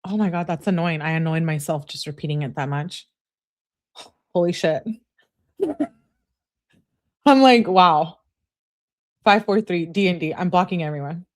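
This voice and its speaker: A woman's voice: on the low side, normal speed, long pauses. A woman hosting a live stream, reading text messages aloud and adding chatty asides. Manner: chatty, animated asides and laughs. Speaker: channel host.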